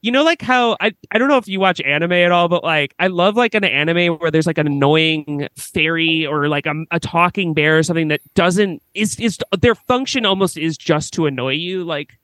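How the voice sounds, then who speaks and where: A woman's voice: lowish voice, normal speed, few pauses, fairly bright tone, no room sound. A woman guest on a podcast, chatting casually and rambling with lots of "like" and restarts, laughing often. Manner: laughs often while talking. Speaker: guest filmmaker.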